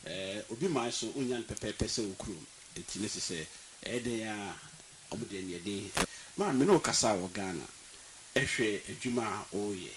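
A man hosting an on-location radio interview, lively and emphatic, mixing in English words. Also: lowish voice, normal speed, background noise. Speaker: radio host and reporter.

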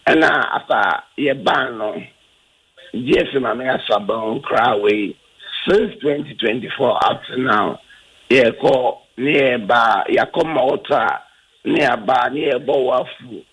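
A man with a Ghanaian accent, a football coach answering radio interview questions earnestly, switching between Twi and English with halting restarts. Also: medium pitch, fairly bright tone, slightly rough, rough recording.

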